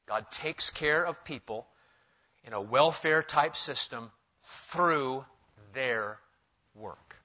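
A middle-aged male pastor preaching a sermon, animated, changing pitch and pace for emphasis. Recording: dull lo-fi sound.

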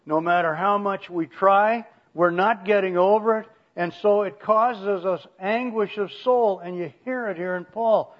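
A man preaching an expository sermon, speaking emphatically and pushing his voice up in pitch and volume to stress key points. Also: fairly even intonation, unhurried, few pauses, lo-fi sound.

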